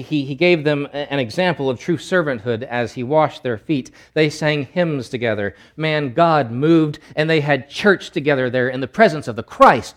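A man preaching a sermon, emphatic, swinging from loud bursts to low asides and acting out quoted voices.

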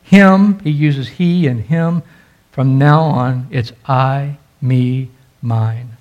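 A male pastor delivering a sermon at an unhurried pace, leaning hard on key phrases. His voice sits at an ordinary pitch. The recording is dull and somewhat lo-fi. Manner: emphatic, stressing key phrases with slow drawn-out words.

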